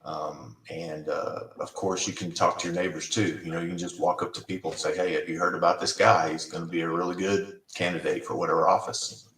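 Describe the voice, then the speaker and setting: A man's voice: low voice, level tone, a little fast, fairly bright tone, slight background noise. A man on an online meeting who talks in a rambling, hesitant way, filling gaps with "you know.". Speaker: deputy director of communications. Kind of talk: casual video-call meeting. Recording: distant, echoey video-call audio.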